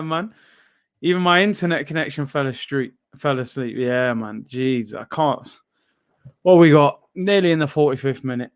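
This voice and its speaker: A man's voice: a little high, expressive, moderate pace, smooth, dry recording, studio quality. A man hosting a live football watchalong, chatting casually in slang and reading out chat messages.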